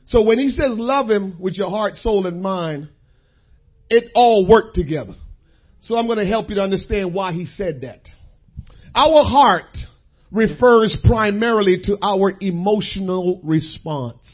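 A man preaching a sermon, repeating key lines and calling out to the congregation in drawn-out phrases. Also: high voice, expressive, breathy edge, lo-fi sound.

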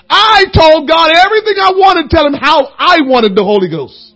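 Very high-voiced man preaching with humor. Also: a little slow, creaky, hardly any pauses. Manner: animated storytelling, breaking into shouts for emphasis; humorous, folksy. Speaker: church teacher. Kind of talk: sermon-style Bible lesson.

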